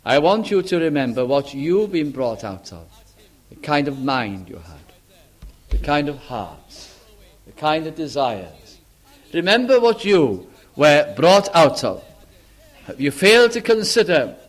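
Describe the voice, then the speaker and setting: Older guy preaching, high-ish voice, earnest, asks lots of questions, goes quiet on the big lines. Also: sing-song, slow pace. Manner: earnest, questioning, drops to a hush on key lines. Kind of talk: sermon.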